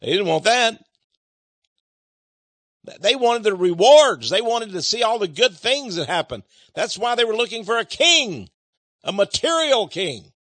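A man's voice: high voice, big pitch swings, unhurried, fairly bright tone, dry recording. A male preacher giving a sermon, emphatic, with rhetorical questions and acted-out quotes.

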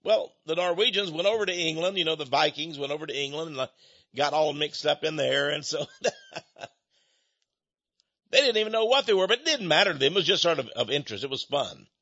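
Older man, high bright voice, folksy rambling monologue, dull lo-fi recording. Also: expressive, a little fast, no echo. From United States. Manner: folksy, rambling, chuckles between points. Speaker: speaker. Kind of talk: opinionated monologue.

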